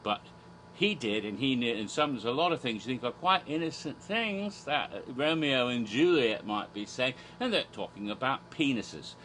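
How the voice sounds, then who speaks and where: A man's voice: mid-range voice, expressive, normal speed, a bit bright, slight background noise. A man from Asia, an American English speaker talking in a fake British accent, rambling theatrically with silly asides. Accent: put-on British accent. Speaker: horror theme park vlogger. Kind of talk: rambling casual commentary in a persona.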